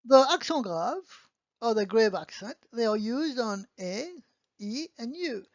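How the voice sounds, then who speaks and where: A woman's voice: fairly high pitch, animated, measured pace, no room sound. A woman teaching a beginner language lesson, patiently explaining and often checking in with "okay?". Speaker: French teacher. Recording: dull lo-fi dry sound.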